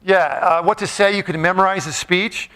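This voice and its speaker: A man's voice: high-pitched, fairly even intonation, normal speed, fairly bright tone, clean tone. A man giving a playful, jokey motivational talk, quizzing a live audience in a large room. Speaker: motivational speaker.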